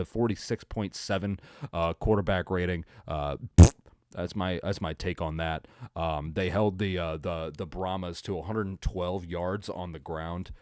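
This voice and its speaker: A young man hosting his own sports podcast, recapping a game in a rambling, excitable way with lots of fillers and restarts. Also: sits low, no room sound, studio quality. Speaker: podcast host. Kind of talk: casual solo sports recap.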